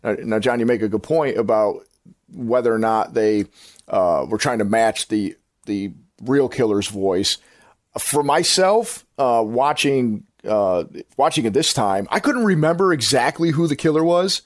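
A man's voice: mid-range voice, lively intonation, a little slow, no echo, studio quality. A man hosting a podcast, chatting casually about films in a rambling, enthusiastic way that circles back and corrects itself. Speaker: podcast host. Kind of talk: casual film-review chat.

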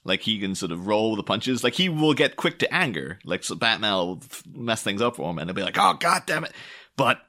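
Bright-voiced man musing on films. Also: lowish voice. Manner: rambling, filler-heavy, animated quoted asides. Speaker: film commentator. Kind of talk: casual film analysis talk.

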